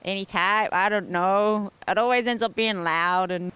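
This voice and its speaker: A man's voice: sits high, normal speed, bright, forceful tone, clear, resonant tone. An Australian man telling a joking story in a street interview. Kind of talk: casual anecdote.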